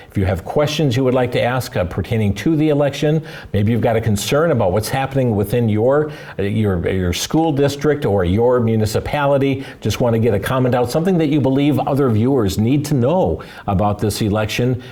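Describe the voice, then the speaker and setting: A man hosts a call-in talk show in a low, mellow voice. He paces his words carefully and reads out phone numbers slowly and deliberately.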